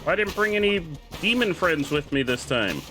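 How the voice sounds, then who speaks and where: Excitable, animated male streamer. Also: fairly high pitch, normal speed, soft background music. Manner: excitable, swears freely, chats with viewers. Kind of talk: casual livestream commentary while gaming.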